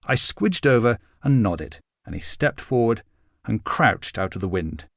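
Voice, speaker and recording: Male narrator for a literary novel, measured and expressive, animated pitch, dry studio sound. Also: dry recording. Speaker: audiobook narrator. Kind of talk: scripted narration.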